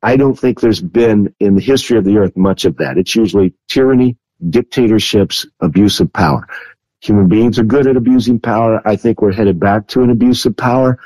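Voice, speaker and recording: A man being interviewed, answering at length in a measured, earnest way with frequent hesitations. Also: lowish voice, warm tone, no room sound, rough recording. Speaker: guest. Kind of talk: interview answer on biblical prophecy.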